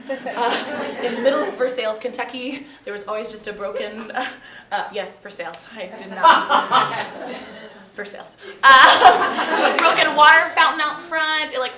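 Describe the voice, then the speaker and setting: A woman who teaches theatre tells a lively, laughing story to a live audience. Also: on the high side, far from the mic. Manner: animated, laughing often. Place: performance room with an audience. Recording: echoey room, mic from afar, crowd noise.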